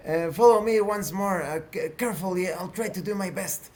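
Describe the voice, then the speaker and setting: A woman's voice: lowish voice, a little fast, a little mellow, voice pushed up, close to an everyday voice. A man voicing a nervous woman who stammers and hesitates as she speaks. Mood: hesitant.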